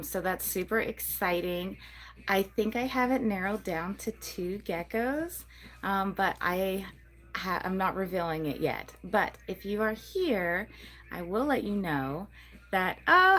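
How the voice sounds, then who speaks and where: A woman hosting a casual livestream about her gecko breeding business, chatty and rambling, cooing over her geckos. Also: medium pitch. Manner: rambling with many ums and likes.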